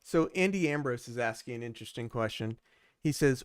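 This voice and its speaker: A man's voice: mid-range voice, expressive, brisk, very noisy. Easygoing man reading viewer questions. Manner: easygoing, joking. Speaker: live stream host.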